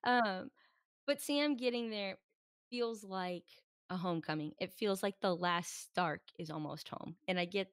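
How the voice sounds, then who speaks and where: A woman's voice: mid-range voice, unhurried, smooth, no room sound. Chatty woman co-host with a mid-range voice who acts out quotes, dry podcast mic. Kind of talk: casual chat. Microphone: podcast microphone.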